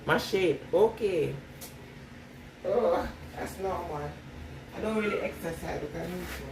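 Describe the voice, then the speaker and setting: A vlogger reads her live chat aloud and answers it while washing her hair, laughing often and repeating herself in a noticeable non-standard English accent. Her pitch is fairly low, her tone darkish, and her delivery a little slow. Sitting far from the mic, she's recorded in an echoey room with slight noise and clear background ambience.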